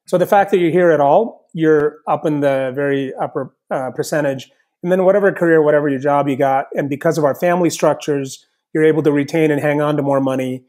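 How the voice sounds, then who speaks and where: A man's voice: on the high side, brisk. A man from south India, raised partly in the US, talking casually as a chef and author guest on an interview podcast. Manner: relaxed, thoughtful, frequent "you know".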